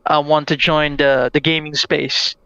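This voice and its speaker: A man on a gaming podcast panel, speaking eagerly and quickly, repeating himself as he introduces himself. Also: a little high, little pitch movement, bright, forceful tone, smooth, no room sound, lo-fi sound. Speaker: panel guest. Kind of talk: casual podcast chat.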